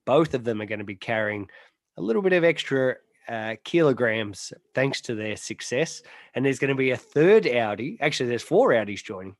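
A man's voice: mid-range voice, expressive, moderate pace, no room sound. Man, australian accent, motorsport podcast host, teasing banter, dry close sound. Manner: chatty, teasing, reads sponsor plugs. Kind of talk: casual chat.

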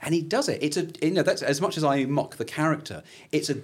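Animated man doing chatty podcast talk. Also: on the high side, quick pace, breathy edge. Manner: animated, acts out characters' lines in funny voices. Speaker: podcast guest. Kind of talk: casual chat.

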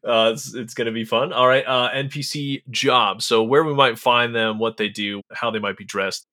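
A man hosting a casual podcast, upbeat and quick to laugh. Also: medium pitch, fairly even intonation, pushed and bright. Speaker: podcast host.

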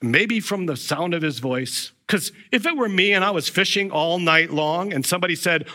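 A man's voice: high voice, moderate pace, few pauses. Guy pastor preaching, swoops up and down a lot, acts out the voices in his stories. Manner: animated, acts out voices in retold scenes. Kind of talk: storytelling sermon.

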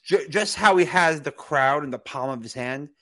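Chatting casually about wrestling, the co-host uses a fairly high, bright, expressive voice at normal speed, his talk loose and meandering, peppered with "you know" and restarts.

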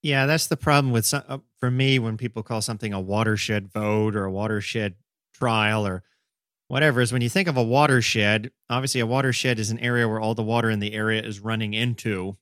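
A man co-hosting a casual podcast discussion, animated, acting out quotes in voices and building long metaphors. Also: fairly low pitch, brisk, no echo, clean studio sound. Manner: talks in extended metaphors. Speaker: podcast co-host.

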